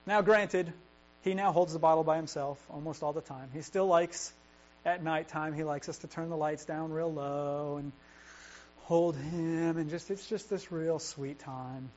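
A young man preaches a sermon in an earnest, conversational way, circling back and restarting his phrases as he thinks aloud. His voice sits a little high for a man. The recording is dull and lo-fi, with a steady mains hum behind him. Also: unhurried. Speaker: pastor.

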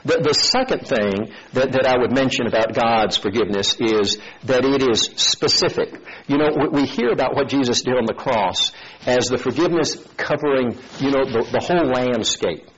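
A man delivers a sermon, weaving in a story and putting on the characters' voices with animated energy. His voice is slightly husky, at a middling pitch. The recording sounds dull and lo-fi. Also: moderate pace. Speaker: preacher.

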